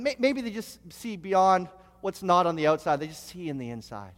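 A man's voice: high voice, sing-song, moderate pace, long reverb tail. A male pastor preaching a sermon, telling stories with frequent stammered restarts.

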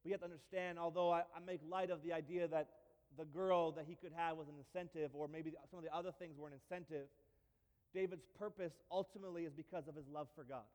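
A man's voice: on the high side, fairly even intonation, quick pace, darkish tone. A man preaching a sermon as a pastor, emphatic and repetitive with touches of light humor. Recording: long reverb of a large hall.

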